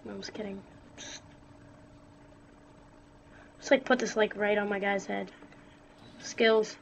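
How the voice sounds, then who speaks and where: A woman's voice: medium pitch, fairly even intonation, slow pace, creaky. A young woman casually commenting on a zombie game, joking and chatty, with playful asides. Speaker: gaming video host. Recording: muffled lo-fi recording with faint noise.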